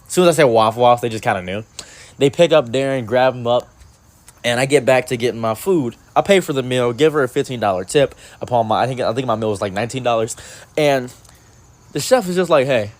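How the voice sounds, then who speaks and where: A young man telling a story in a casual, animated, rambling way with lots of fillers. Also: mid-range voice, fast.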